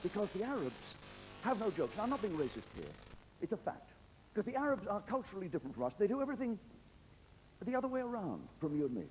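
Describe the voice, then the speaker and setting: A man's voice: high-pitched, big pitch swings, fast talker, long reverb tail, over music. Older English man telling cheeky jokes. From England. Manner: cheeky, chatty joke-telling with chuckles. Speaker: stand-up comedian. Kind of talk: stand-up comedy routine. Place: theatre stage with a live audience. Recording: noisy 1990s VHS stage recording.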